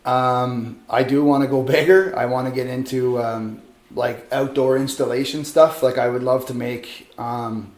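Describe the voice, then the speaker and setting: A relaxed man of middle pitch talks through his craft in a loose, rambling way, often laughing at himself. His voice bounces around a roomy workshop with clear echo. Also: measured pace. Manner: relaxed, rambling, self-deprecating. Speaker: metal sculptor. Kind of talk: casual interview. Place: metal workshop.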